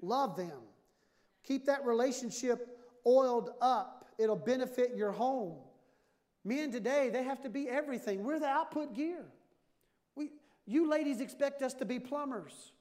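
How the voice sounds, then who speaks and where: A man in his fifties preaching a sermon with humor, animated and jokey, acting out little dialogues. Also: very high voice, unhurried. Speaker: pastor. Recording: long hall reverb.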